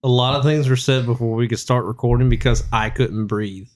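A man's voice: medium pitch, steady tone, fairly quick, no room sound, clean studio sound. A man hosting a casual podcast from his living room sofa, teasing his friends with joking banter. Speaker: podcast host. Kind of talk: casual chat.

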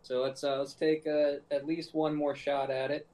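A man's voice: a little high, flat delivery, normal speed, a little mellow. Male player, casual and joking, mid-range voice. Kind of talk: casual tabletop game chat.

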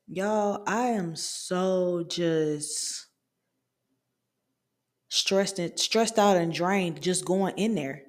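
Young woman podcast host, twenties, candid venting chat, slightly low voice. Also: darkish tone. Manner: candid, venting, conversational with fillers. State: hiccups. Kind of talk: casual chat.

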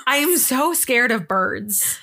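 Giggly young woman with a bright voice. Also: a little high, animated, slow. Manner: giggly, rambling, swears freely. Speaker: podcast co-host. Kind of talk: casual chat.

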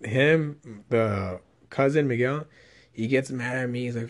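A man's voice: mid-range voice, unhurried. A young man telling a rambling, profane story in casual chat.

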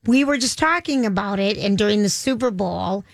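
A woman's voice: medium pitch, expressive, normal speed, creaky, no echo. A woman radio host chatting casually and enthusiastically with co-hosts in a studio. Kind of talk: casual chat.

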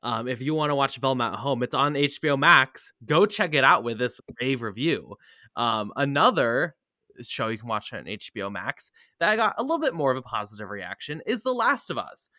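Male podcast host, casual chat, animated pitch, bright tone. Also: moderate pace, no room sound, clean studio sound.

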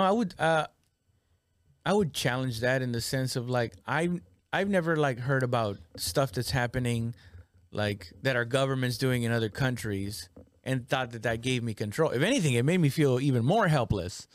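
A man's voice: mid-range voice, animated, normal speed, no room sound, studio quality. A man in casual podcast chat, rambling with restarts, swearing and joking.

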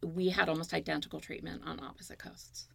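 Gravelly, earnest woman guest. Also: sits low, little pitch movement, fairly quick, a bit bright. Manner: emotional, earnest, storytelling. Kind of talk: candid interview conversation.

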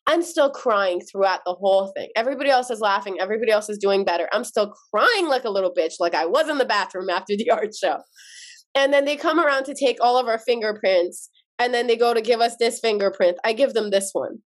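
A woman guest on a podcast telling a personal story in an animated, expressive way, swearing casually and slipping into Persian for quotes. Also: on the high side, fast talker. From United States.

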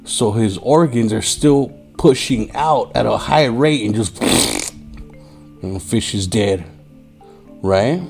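A man's voice: fairly low pitch, lively intonation, slow, creaky, long pauses, soft background music. A tired man hosting a casual solo podcast, profane and streetwise, saying "yo" a lot. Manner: profane, streetwise, says "yo" often; mimics angry drivers in raised voice. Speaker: podcast host.

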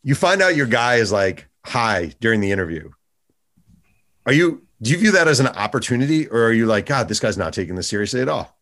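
A man hosting a casual interview, asking lively questions and reading passages aloud from a book. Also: medium pitch, brisk. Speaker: podcast host.

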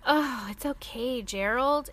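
A woman's voice: sits high, slow, fairly bright tone, a little hiss or hum. A woman voicing a cheerful, playful young female pig, reading a picture book aloud with a bouncy, eager manner. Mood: reassuring.

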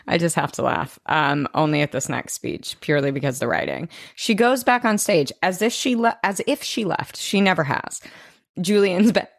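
A woman with a notably low voice recaps a TV episode in casual podcast chat. She talks loosely, full of fillers and restarts. The sound is dry and close to the microphone. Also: dry recording. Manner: chatty, many fillers and restarts. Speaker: podcast co-host.

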